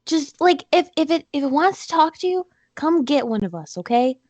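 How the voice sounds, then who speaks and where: A woman's voice: high voice, lively intonation, moderate pace, a little mellow, no echo. A woman playing a tabletop role-playing game, talking urgently and insistently. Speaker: player. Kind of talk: in-character tabletop role-play.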